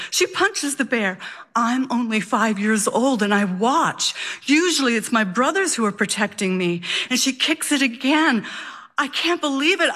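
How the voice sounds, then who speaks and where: A woman telling a personal story live, expressive and animated, building suspense. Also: sits high.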